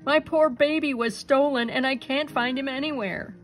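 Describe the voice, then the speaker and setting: A woman's voice: sits high, normal speed, soft background music, pitched above the performer's own voice, natural voice. A woman voicing a caring mother dragon who cries out anxiously. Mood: worried. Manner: crying out anxiously.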